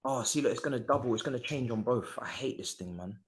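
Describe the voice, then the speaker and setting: A man's voice: mid-range voice, fast. A young man streaming a live football watchalong, talking in slangy, exclamatory bursts and muttering asides to himself.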